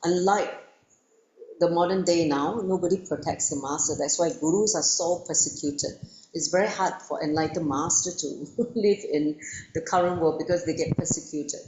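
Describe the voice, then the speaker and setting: A woman spiritual teacher telling a story to listeners, animated and acting out parts, with frequent fillers. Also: on the low side, normal speed, dull audio, a little hiss or hum. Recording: echoey room.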